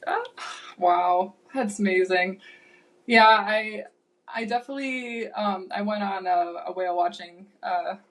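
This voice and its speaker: A woman's voice: mid-range voice, measured pace, fairly bright tone. A woman with a Michigan accent hosting a podcast interview in a loose, playful, laughing way. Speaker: podcast host. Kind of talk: casual interview chat.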